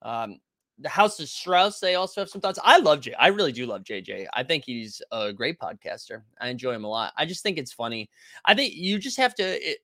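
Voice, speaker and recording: A young man hosts a casual basketball live stream. His voice is a little higher than most men's and sharply bright, and he talks loud and animated as he answers the chat. The sound is dry and close. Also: brisk, no room sound. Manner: loud, animated, yells often; reads and answers chat comments.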